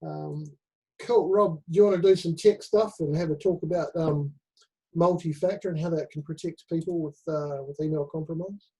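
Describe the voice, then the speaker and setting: A man chatting as a guest on a webinar. His voice is mellow and a little husky, and he talks in an easy, friendly way. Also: fairly high pitch, steady tone, moderate pace, rough recording. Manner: friendly, laughs easily. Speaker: webinar guest, security trainer. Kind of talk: casual webinar chat.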